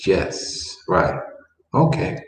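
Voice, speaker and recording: A man teaching a Spanish lesson, patiently repeating words and explaining step by step. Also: drawn-out words. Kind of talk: classroom language lesson. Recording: echoey room, mic far off, faint background noise.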